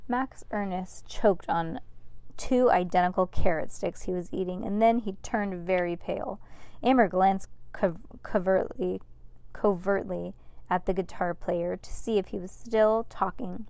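A woman reading a children's novel aloud, brisk and lively, giving each character a voice. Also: medium pitch, creaky, no echo. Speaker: narrator.

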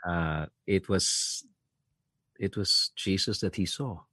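A middle-aged man, a podcast guest talking in a soft, halting, reflective way. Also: low voice, no room sound. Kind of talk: casual heartfelt conversation.

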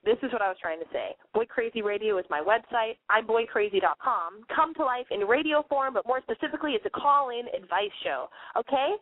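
A woman's voice: on the high side, fairly quick, hardly any pauses, no room sound. A woman hosting a call-in advice podcast while sick, coughing and wheezing, talking in a brash, profane, playful way. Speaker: podcast advice show host. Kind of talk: casual call-in show monologue. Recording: phone-like narrow band.

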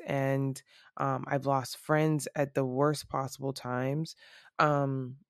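A woman with a low, slightly rough morning voice hosts a solo podcast, speaking candidly and reflectively with frequent ums and restarts. The sound is close and dry, with no room around it. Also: no echo. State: voice a bit rough from early morning. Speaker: podcast host. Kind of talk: casual solo podcast monologue.

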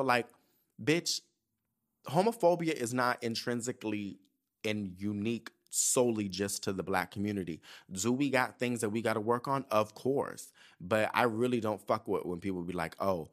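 A man, chatting on a podcast. He talks in a loose, profane, animated way at a middle pitch and slips into the voices of people he quotes. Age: 30s. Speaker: podcast host. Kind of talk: casual chat.

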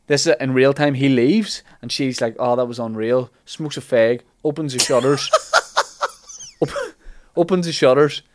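A man retelling an old legend as comic chat, acting out the characters' lines in animated bursts. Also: mid-range voice, unhurried, background noise. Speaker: podcast host telling a legend.

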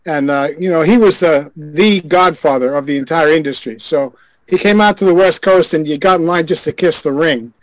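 A man's voice: on the high side, moderate pace, dry recording, poor audio. An older man, a guest on a group call, telling a frank show-business story with wry chuckles. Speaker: guest, former adult film director. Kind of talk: anecdote in a group video call.

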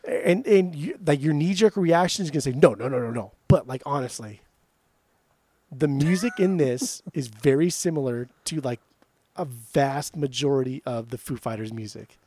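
A man co-hosting a casual music podcast, ranting in a profane, animated way. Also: fairly high pitch, moderate pace, dry recording. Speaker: podcast co-host.

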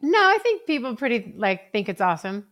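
A woman's voice: on the high side, very animated, fairly quick, a bit bright. A woman guest in a casual podcast interview, talking in a blunt, easygoing way.

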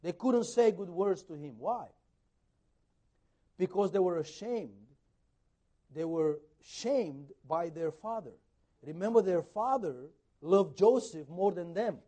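High-voiced male pastor, mellow tone. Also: animated, slow pace. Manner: swings between loud emphasis and soft, near-muttered asides; acts out quoted dialogue. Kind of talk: conversational sermon.

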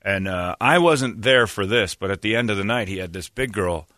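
A man telling a comic story from his past in a lively, animated way, putting on voices for the people in it. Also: lowish voice, moderate pace, dry recording, clean studio sound.

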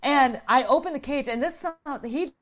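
A woman telling a story in casual chat, animated, laughing often and swearing freely. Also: high-pitched, moderate pace.

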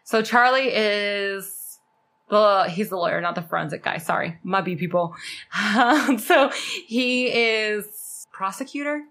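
A woman's voice: medium pitch, a bit bright. A young woman co-hosting a podcast, telling a true-crime story in a chatty, casual way, full of fillers and the odd swear word. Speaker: podcast co-host.

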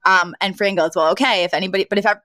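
A woman's voice: medium pitch, fairly even intonation, racing, a bit bright, dry recording. Woman podcast host, casual and chatty, acts out quotes, laughs a lot, dry close mic. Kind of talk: casual chat recapping a sitcom.

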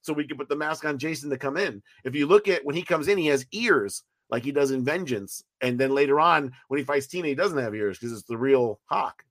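A man of middle pitch tells behind-the-scenes stories in a loose, rambling flow, swearing freely and restarting his sentences. The sound is dry and close, with no room echo. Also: a little fast, few pauses. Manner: rambling, profane, animated storytelling with restarts. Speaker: writer and producer of a fan film, guest. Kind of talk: casual podcast interview.

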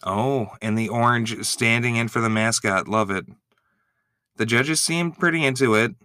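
Excitable man with a bright voice. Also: medium pitch, normal speed, clear, resonant tone, dry recording, studio quality. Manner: excitable, gushing, swears freely. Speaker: commentator. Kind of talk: reaction commentary.

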